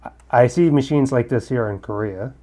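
A man's voice: medium pitch, moderate pace, dark tone. A man casually commenting on a game and reading its dialogue aloud, with joking asides. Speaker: let's-play gamer. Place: at home in Korea.

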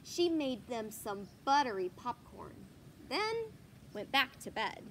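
A woman reading a children's picture book aloud, animated and asking the listener questions. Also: a little high, slow, slight background noise. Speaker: storyteller.

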